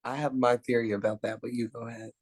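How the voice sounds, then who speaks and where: A woman's voice: extremely low pitch, flat delivery, quick pace, darkish tone, breathy edge. A woman co-hosting a casual recap chat, chiming in with short reactions. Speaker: co-host.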